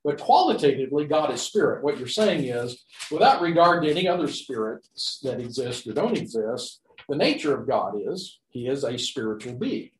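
Male Bible teacher, mid-range voice, halting and filler-heavy, echoey room. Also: mid-range voice, sing-song, slight background noise. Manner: halting, frequent fillers and restarts, rhetorical questions. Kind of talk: unscripted Greek grammar lecture.

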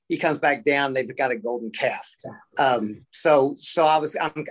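A man taking part in a Bible study discussion, thinking aloud and hesitating as he shares his reading. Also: mid-range voice. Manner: thoughtful, hesitant with fillers. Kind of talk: group discussion.

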